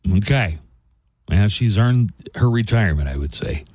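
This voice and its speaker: A man's voice: on the low side, animated, moderate pace, darkish tone, no echo, clean studio sound. A man hosting a radio show, easygoing and relaying news stories in chat. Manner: easygoing, storytelling news reader.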